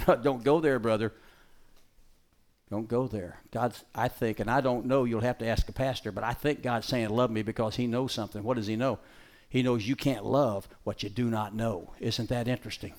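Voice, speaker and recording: This folksy, emphatic preacher gives a live sermon before an audience, mixing loud calls with quiet asides and brisk orders to a dog. His mid-range voice holds a steady tone.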